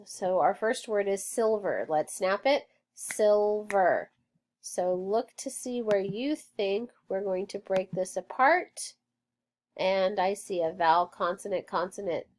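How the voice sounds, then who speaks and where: A woman teaching a phonics lesson to children, sounding out words and letters patiently and praising often. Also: lowish voice.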